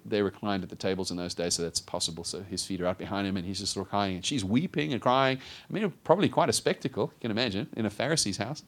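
A middle-aged male pastor preaching a sermon, who acts out the voices of the people in the story. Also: on the low side. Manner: animated, acts out voices of Bible figures.

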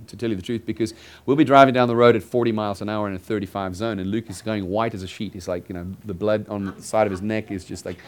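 A man's voice: on the low side, slight background noise. A man preaching a conversational sermon to a congregation in a church building, repeating his phrases and dropping joking asides to the listeners. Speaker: pastor.

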